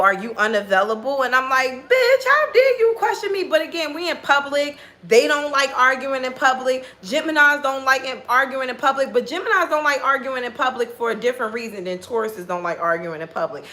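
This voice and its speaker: A woman telling a dating story in a casual vlog, blunt and profane, acting out both sides of the conversation. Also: medium pitch. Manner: blunt, profane, animated retelling with quoted dialogue.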